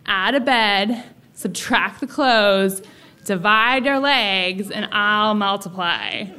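A woman's voice: medium pitch, slow, bright, forceful tone, slight background noise. A woman doing a cocky teenage boy joker. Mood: teasing.

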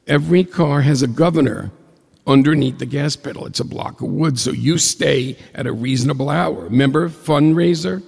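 A man voicing a calm male race-car spotter who gives steady directions. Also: on the high side, normal speed, vocal fry, breathy edge. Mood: coaching. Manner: steady, coaching instructions. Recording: long hall reverb.

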